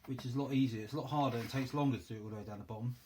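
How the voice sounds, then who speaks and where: A man's voice: mid-range voice, steady tone, racing, a little mellow, a little hiss or hum. A man with a North London accent hosting a casual hands-on crafting tutorial, chatting and thinking aloud as he works in a home workroom. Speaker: crafting video host.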